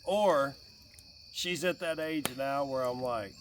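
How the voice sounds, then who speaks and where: A man's voice: medium pitch, unhurried, recorded from a distance, noisy background. Rambling joking man by a campfire. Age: 40s. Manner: rambling, joking, animated when quoting his kid. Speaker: vlogger. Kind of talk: casual chat by a campfire. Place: outdoors by a fire at night with crickets.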